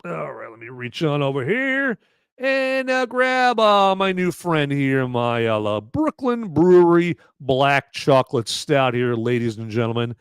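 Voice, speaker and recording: A podcast host with a fairly high voice that swings widely in pitch talks in an unhurried, smooth way over a dry recording. He casually reviews a movie and a beer, rambling with plenty of fillers and frequently asking "okay?"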